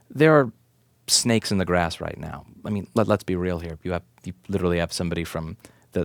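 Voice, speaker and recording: A man's voice: fairly low pitch, no echo, clean studio sound. A man in his thirties, a repair shop owner and advocate, giving an impassioned, indignant rant to camera, firing off rhetorical questions and swearing for emphasis. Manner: rhetorical questions, hammering repetition. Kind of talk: direct-to-camera commentary rant.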